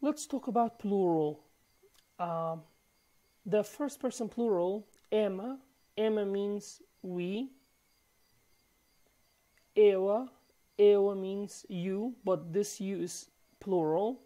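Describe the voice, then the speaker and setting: A woman whose first language is Kurdish, teaching a language lesson in halting English full of fillers, repeating each word for practice. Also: mid-range voice, warm tone. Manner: halting, many fillers and restarts. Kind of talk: recorded online lesson.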